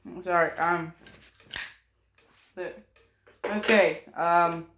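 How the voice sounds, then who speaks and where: A woman's voice: on the low side, fairly even intonation, drawn-out words, a bit bright, slight background noise. A woman narrating a story in a loose, rambling way, often apologizing, getting distracted and swearing casually. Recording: roomy echo.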